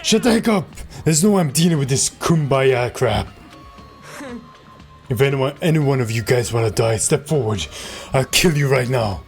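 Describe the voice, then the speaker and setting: A man's voice: mid-range voice, brisk, gravelly, soft background music, lightly acted. A man voicing a hot-tempered young male gangster heir in a video game, snarling threats at the others. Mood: hostile.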